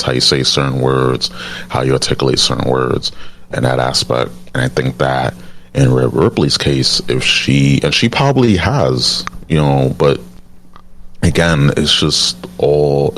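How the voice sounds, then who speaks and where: A man with an extremely low, rumbling baritone talks through his point in a loose podcast chat. He stumbles and restarts often and fills his pauses with fillers. His unhurried talk stays grounded in that deep register throughout. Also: fairly bright tone. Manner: halting, with frequent restarts and fillers. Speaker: podcast host. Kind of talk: casual podcast discussion.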